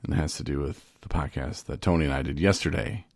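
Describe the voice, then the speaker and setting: A man's voice: rumbling low, quick pace, a little mellow, no room sound, studio quality. A man co-hosting a casual podcast about recovery, joking and rambling, often cutting himself off mid-thought. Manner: joking, rambling, self-interrupting. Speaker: podcast co-host.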